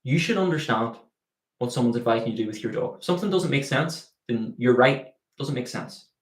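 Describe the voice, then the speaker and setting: A man's voice: mid-range voice, animated, a little fast, roomy sound. A man, a dog trainer, answering viewer questions in a live Q&A, explaining with everyday analogies and acting out the dog's thoughts.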